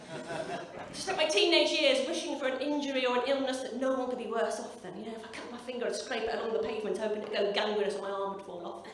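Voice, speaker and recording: On a club stage, a woman in her forties from the Midlands of England gives a punchy, sweary, brash comedy performance. Her voice is on the high side and she talks fast. A distant stage microphone records her in an echoey room as a crowd laughs behind her.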